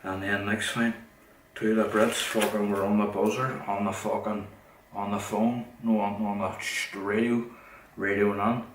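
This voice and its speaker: A man with a low voice tells a story in a rambling, profane way and keeps restarting his lines. He sounds set back from the mic. The room echoes around him. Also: flat delivery, normal speed, far from the mic, a little hiss or hum. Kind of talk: casual storytelling.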